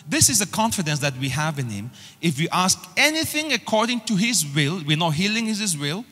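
A male pastor delivering a sermon, emphatic and repetitive, pushing phrases up in pitch as he builds. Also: bright, forceful tone, long reverb tail. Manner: emphatic preaching with repeated rising phrases.

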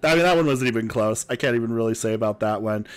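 A man's voice: mid-range voice, quick pace, clean tone. A young man live-streaming a game and chatting casually with viewers, a little sick, with a cough.

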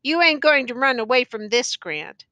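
A woman's voice: sits high, animated, normal speed, bright, forceful tone, no echo, dull audio. Woman reading as a stern, devout older aunt. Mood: firm. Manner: firm and commanding.

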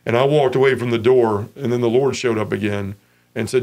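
A man giving an earnest, emotional personal testimony as an interview guest, acting out other people's voices as he tells the story. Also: brisk. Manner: animated, acts out others' voices with raised pitch.

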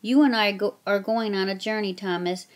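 A woman voicing a gentle, secretive colonial mother who speaks softly and calmly in a children's story reading. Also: mid-range voice, normal speed, lightly acted. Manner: soft, calm, reassuring.

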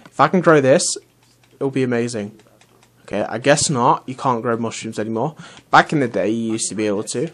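A young man commentates his game in a loose, chatty way. His voice sits at an ordinary middle pitch, and he rambles, restarts and drops in casual swearing. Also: a little fast, a bit bright. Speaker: let's play host.

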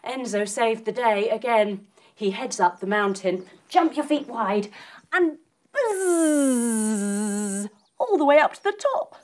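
A playful, encouraging woman tells a story while leading children through yoga poses. Her voice is high and swoops widely. She speaks at an unhurried pace. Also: lively intonation, darkish tone. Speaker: kids yoga teacher.

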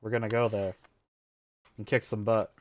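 A man playing a tabletop game, chatting casually and rambling through excited theories. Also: on the low side, moderate pace, slight background noise. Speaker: player.

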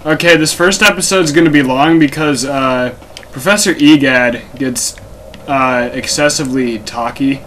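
A man's voice: mid-range voice, a little slow, a bit bright. A young man hosting a casual gameplay commentary, rambling and joking with many restarts. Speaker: let's play host. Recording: noisy home recording.

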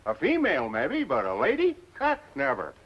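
A man's voice: on the high side, huge pitch swings, moderate pace, husky, heavily acted. An actor playing a chatty townsman with folksy, teasing talk, from a muffled old TV soundtrack. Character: chatty male townsman customer. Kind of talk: 1950s TV western acting.

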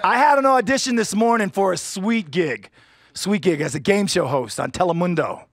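A man's voice: sits high, expressive, moderate pace, no room sound, studio quality. A man performing a stand-up comedy set on stage, with punchy delivery and silly character voices. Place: stage before a live audience.

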